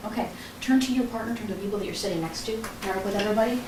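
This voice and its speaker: Racing along in a medium-pitched voice over a noisy background, a woman leads an interview-skills workshop. She coaches her class in a large room directly and hands-on, demonstrating poses, with the roomy hall audio recorded from a distance.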